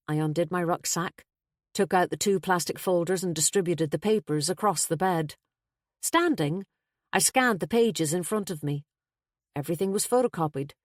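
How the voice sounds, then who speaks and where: Low-voiced woman narrating a mystery. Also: no room sound, studio quality. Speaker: audiobook narrator. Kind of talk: first-person mystery narration.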